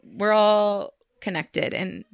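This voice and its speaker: A woman's voice: mid-range voice, fairly even intonation, slow pace, vocal fry, clear, resonant tone, dry recording, muffled recording. A young woman guest on a podcast, joking playfully and giving earnest encouragement. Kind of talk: casual podcast chat.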